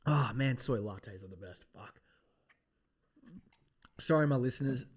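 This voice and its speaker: A man's voice: medium pitch, measured pace, husky. A man hosting a casual podcast. He rambles off on tangents with a lot of swearing and mock threats. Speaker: podcast host.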